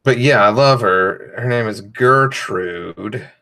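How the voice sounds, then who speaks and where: A comedian talking loosely and profanely while coloring on a stream, with lots of fillers. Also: male voice, lowish voice, slow, bright, forceful tone. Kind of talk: casual rambling chat.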